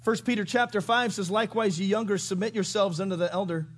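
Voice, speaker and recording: A middle-aged male pastor with a fairly high voice delivers a lively sermon. He acts out little scenes and jumps into sudden loud shouts. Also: fast.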